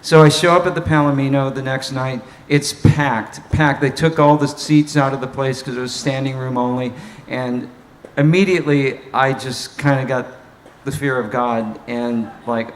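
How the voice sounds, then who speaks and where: A man, a saxophone player, telling an animated story at a live Q&A and laughing as he goes. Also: mid-range voice, moderate pace. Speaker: saxophonist guest.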